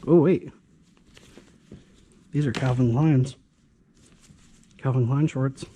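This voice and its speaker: A man's voice: mid-range voice, steady tone, slow, dark tone, slight background noise. A man casually commenting as he sorts through a storage locker's contents, with offhand, dryly sarcastic remarks and a touch of hiccups. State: has the hiccups. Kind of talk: casual commentary while sorting items.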